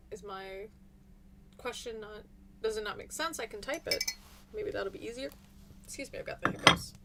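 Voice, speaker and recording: A woman's voice: medium pitch, fairly bright tone, slight background noise. A woman teaching a live-streamed class, chatty and encouraging as she reads out and answers her students' comments.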